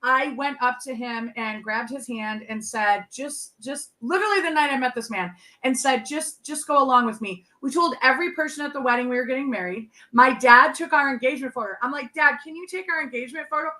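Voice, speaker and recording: A woman in her thirties talks on a video call in a quick, animated run of stories, laughing as she goes. Her voice is bright and forceful, sitting a little high. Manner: chatty, laughs often, quick animated storytelling. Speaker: guest medium. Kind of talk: casual chat.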